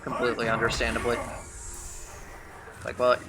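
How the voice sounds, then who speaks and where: A man's voice: mid-range voice, monotone, moderate pace, over loud music. Sarcastic, chatty male speedrunner. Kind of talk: casual gameplay commentary.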